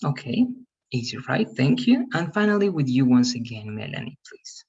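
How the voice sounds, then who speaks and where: A man teaching English pronunciation in an online class, patiently explaining and modeling words slowly. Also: mid-range voice, sing-song, gravelly, a little mellow, slightly rough, muffled recording.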